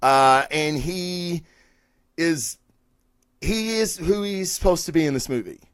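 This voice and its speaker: A man hosts his own live review show in a casual, chatty ramble. He swears freely and corrects himself as he goes. His voice sits a little high for a man, and it is caught close on a mic with no room sound at all. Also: takes it slowly, clear, resonant tone, no echo. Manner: rambling, chatty and profane, with frequent fillers and self-corrections. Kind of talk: casual live-stream talk.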